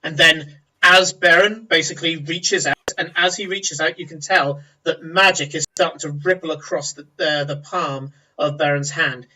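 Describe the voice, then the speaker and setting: A male game master narrating a tabletop session in a bright, fairly high voice. He describes scenes at length, pausing to search for words. He sits a bit away from the mic. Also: fairly even intonation, far from the mic, low-quality recording. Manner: descriptive, with fillers and restarts.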